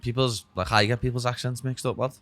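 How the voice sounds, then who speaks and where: A man's voice: mid-range voice, steady tone, quick pace, a bit bright, no room sound. A young man from Liverpool with a Scouse accent, chatting as a podcast guest, dropping "lad" and "know what I mean" constantly. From Liverpool, England. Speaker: guest, UFC fighter. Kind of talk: casual chat.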